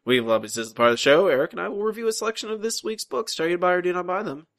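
A man's voice: high-pitched, expressive, rapid-fire, loud music behind the voice. A man hosting a casual comics podcast, chatty and teasing, often trailing off and restarting his sentences. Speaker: podcast host.

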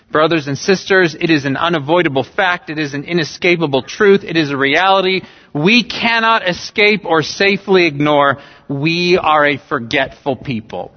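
High-voiced pastor preaching in a big hall. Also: male voice, normal speed. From California. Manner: emphatic, repeats key phrases, humorous everyday illustrations. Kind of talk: sermon. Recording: dull recording with long hall reverb.

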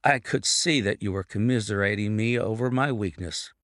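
A man reading an audiobook, voicing a brilliant male detective explaining a case in a measured, deliberate way. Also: lowish voice, a bit bright, dry recording, clean studio sound, close to an everyday voice.

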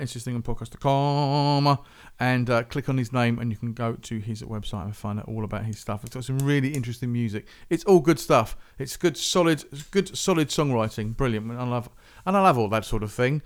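A man's voice: mid-range voice, fairly quick. A man hosting a music podcast, chatting casually and rambling. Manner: rambling, chatty, self-interrupting. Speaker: podcast host.

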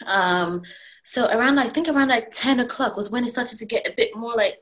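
A woman in her thirties tells a personal story in a relaxed interview. She talks casually and brightly, and she acts out the things she said back then in a higher voice. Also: fast talker, a little hiss or hum, poor audio. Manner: animated storyteller who acts out her own past lines. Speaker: guest telling her birth story.

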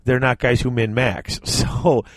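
A man's voice: mid-range voice, flat delivery, unhurried, dry recording. A man co-hosting a casual podcast, easygoing, often trailing off and restarting, laughing along. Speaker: podcast co-host. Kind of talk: casual chat.

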